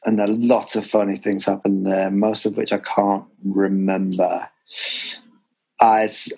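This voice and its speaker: A man hosting a casual football podcast, telling stories with lively quoted shouts. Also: fairly low pitch. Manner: animated storyteller, shouts quoted fans. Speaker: podcast host.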